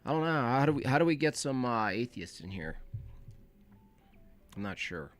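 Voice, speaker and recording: A man hosts a call-in livestream, laid-back and rambling, chatting casually and talking to himself as he sets things up. His medium-pitched voice is very animated at a moderate pace, with faint music behind him.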